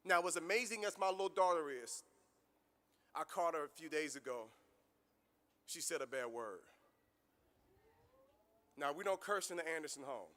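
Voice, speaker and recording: A man's voice: fairly high pitch, moderate pace, pauses often, sharp tone. A man giving a motivational speech as guest speaker at a graduation ceremony, telling stories and building to a preaching cadence.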